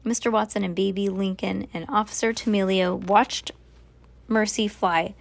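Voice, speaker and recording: A woman reading a children's storybook aloud at bedtime, gentle and lightly playful. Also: medium pitch, fairly even intonation, normal speed, vocal fry, no echo.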